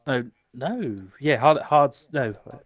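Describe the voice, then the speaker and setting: A man's voice: mid-range voice, animated, slow, dry recording. A British man co-commentating a sim race, chatty and tripping over his words. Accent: British English.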